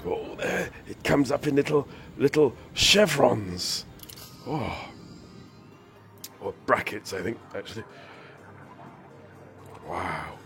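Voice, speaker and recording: A man's voice: mid-range voice, takes it slowly, creaky, long pauses. A man chatting through a game stream, rambling and whimsical, a bit ill and hyper. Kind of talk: casual live-stream commentary. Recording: faint game music behind.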